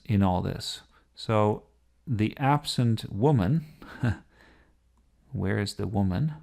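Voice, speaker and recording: Low gravelly-voiced man explaining a poem. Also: darkish tone. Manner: conversational, asks rhetorical questions, occasional laughs. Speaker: literature teacher. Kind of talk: explanatory lecture.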